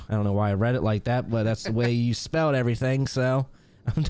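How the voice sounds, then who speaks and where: Hosting a live stream, a man reads out viewers' names and chats loosely, chuckling frequently. His mid-range voice is darkish, clear and resonant, with fairly even intonation and a moderate pace.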